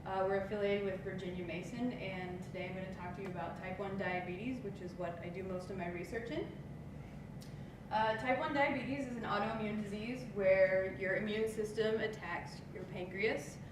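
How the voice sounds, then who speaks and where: A woman researcher runs through a practice talk with some hesitant fillers and a sing-song pattern. She sounds far from the mic, in a very echoey room with clear background noise. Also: mid-range voice, steady tone, moderate pace. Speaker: researcher, workshop participant. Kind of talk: practice presentation and feedback chat.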